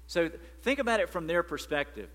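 A man preaching a sermon as pastor, animated and emphatic. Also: a little high, fairly quick, in a large hall.

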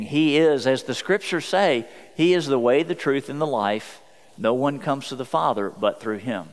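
A male pastor delivers an earnest sermon at a mid pitch. He slows down for quoted scripture, and his voice rings with a long reverb, as if from a large church hall.

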